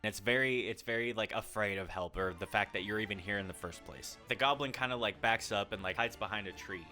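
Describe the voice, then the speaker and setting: A man's voice: fairly low pitch, fairly quick, bright, forceful tone, soft background music. A man running a tabletop game as game master, narrating loosely with lots of fillers. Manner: loose, filler-heavy storytelling.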